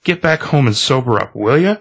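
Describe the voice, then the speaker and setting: A man's voice: medium pitch, expressive, fairly quick, vocal fry, fairly bright tone, husky, voice pushed up, full character voice. A man reading the lines of a scolding police officer from a comic. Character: gruff male street police officer.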